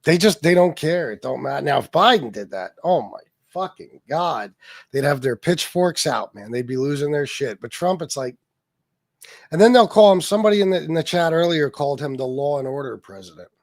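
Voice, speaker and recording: A man's voice: on the high side, animated, brisk, dry recording, studio quality. A man hosting a casual political livestream, reading chat comments aloud and answering them in a profane, mocking, sarcastic way. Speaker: livestream host.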